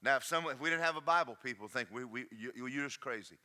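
A man preaching a sermon, emphatic and folksy, often shouting to the congregation in a church. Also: medium pitch, fast.

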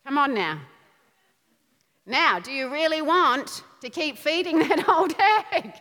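A woman preaching a sermon in a lively, playful way, often laughing between points. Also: high-pitched. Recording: long hall reverb.

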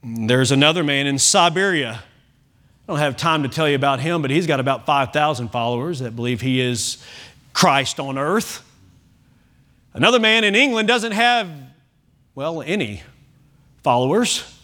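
A man delivering a sermon from the pulpit in a high, ringing voice. His tone is bright and forceful, and he swings from loud emphasis to hushed lines. He drops in casual asides and corrects himself as he goes. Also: expressive, normal speed, pauses often. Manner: emphatic preaching with wide swings in loudness; conversational asides and self-corrections. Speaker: pastor.

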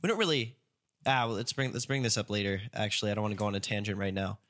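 A man co-hosting a casual podcast, laughing often and reading tongue twisters slowly. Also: lowish voice, a bit bright. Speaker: podcast co-host. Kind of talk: casual chat.

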